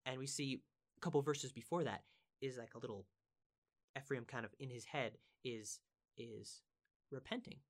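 A man's voice: medium pitch, moderate pace, pauses often. A man teaching from the Bible in a casual, conversational way. He is earnest and emphatic, repeats words for stress and asks his listeners questions.

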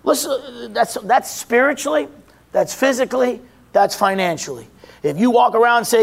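Male preacher with a very high voice, emphatic, repetitive, call-and-answer delivery. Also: animated, normal speed, creaky, slightly rough. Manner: emphatic, rising to shouts, then dropping low; repeats phrases, asks and answers his own questions. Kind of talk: sermon.

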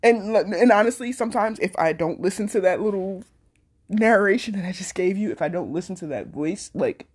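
A woman's voice: medium pitch, lively intonation, brisk, darkish tone, husky. A young adult woman hosting her own podcast, talking in a candid, rambling way with plenty of swearing. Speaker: podcast host. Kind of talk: casual solo podcast monologue.

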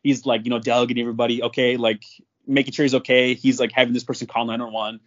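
Brief: young man, casual storyteller, mid-pitched, laughing often, muffled lo-fi audio. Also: racing. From North Dakota. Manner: animated, laughs often while telling. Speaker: podcast guest.

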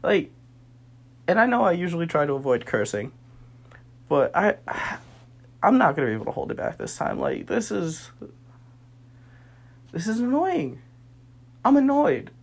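A man's voice: a little high, big pitch swings, normal speed, vocal fry, pauses often. A young man speaking a personal monologue, earnest and weary, sometimes heated.

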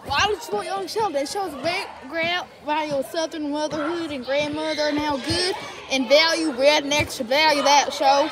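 Very high-voiced woman teasing outdoors. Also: steady tone, a loud crowd. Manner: teasing, quick questions. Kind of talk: casual podcast chat.

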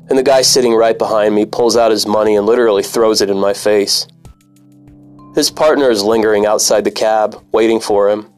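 A man, a former cab driver, narrating a personal story in a bitter, profane, wry manner. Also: lowish voice.

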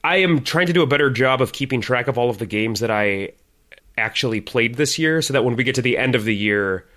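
A man's voice: medium pitch, brisk, a bit bright. A man co-hosting a podcast in casual chat, talking animatedly and laughing easily. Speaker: podcast co-host.

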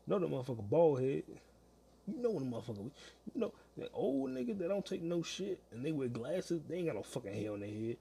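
A man's voice: medium pitch, big pitch swings, a little fast, creaky, a little mellow, slight background noise. A young man hosting a solo podcast from home, ranting with heavy profanity and frequent laughter. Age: young adult. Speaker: podcast host. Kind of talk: casual solo podcast rant.

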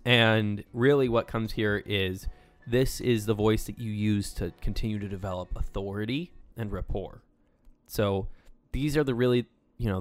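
A man co-hosting a casual podcast, explaining sales and negotiation ideas with lively inflection. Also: mid-range voice, no room sound. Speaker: podcast co-host.

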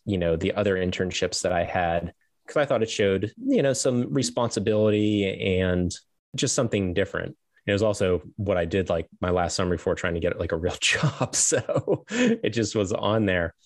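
A middle-aged man with a low voice tells his story as a guest on an interview show. He rambles, restarts his sentences and laughs now and then. The sound is dry, with no room echo. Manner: rambling, self-correcting, laughs as he tells stories.

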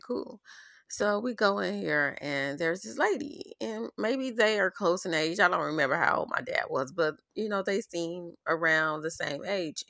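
A woman's voice: lowish voice, creaky, sharp tone, no echo, clean studio sound. A woman podcast host telling a personal story in a candid, profane, openly angry way.

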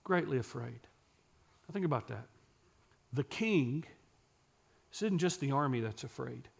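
A man preaching a sermon who reads scripture aloud and pauses to explain it, sometimes dropping to a quiet, intense voice for emphasis. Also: medium pitch, animated, creaky, breathy edge.

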